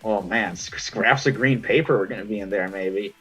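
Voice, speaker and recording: A man running a tabletop game as game master, narrating slowly and casually. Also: on the low side, breathy edge. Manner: relaxed, with slow descriptive narration. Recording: dull lo-fi sound with faint music.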